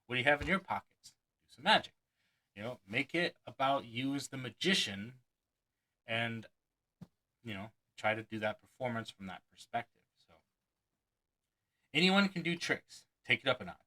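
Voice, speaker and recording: Male magician, bright tone, reading a book aloud with chatty asides and chuckles. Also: mid-range voice, very animated, normal speed, pauses often, rough recording. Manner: chuckles often, breaks off to add his own asides; acts out quoted lines with mock enthusiasm.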